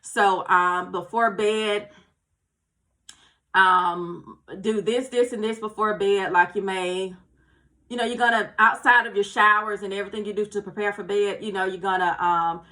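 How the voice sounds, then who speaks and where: A woman's voice: mid-range voice, fairly even intonation, a little slow, pushed and bright. A woman talking casually to her viewers about self-love, encouraging and repetitive, checking in with "okay?" and "you guys". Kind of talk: casual motivational talk to camera.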